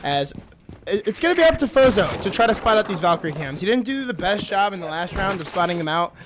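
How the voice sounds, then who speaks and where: Higher-voiced male esports analyst. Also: big pitch swings, quick pace, background noise. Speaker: esports commentator. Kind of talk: color commentary on a match.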